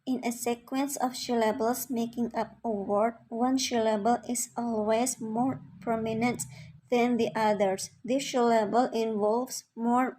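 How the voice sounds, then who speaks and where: A young woman with an Indonesian accent reading a class presentation aloud in a steady delivery. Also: fairly high pitch, rough recording. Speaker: student presenter.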